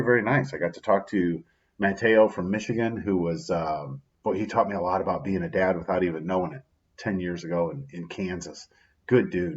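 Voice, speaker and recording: A man with a very low voice talks his way through a daily motivational video in a relaxed, heartfelt manner. He sounds upbeat and sincere, and he keeps checking in with "right?" as he goes. The recording is a little dull and lo-fi. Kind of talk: casual spoken reflection.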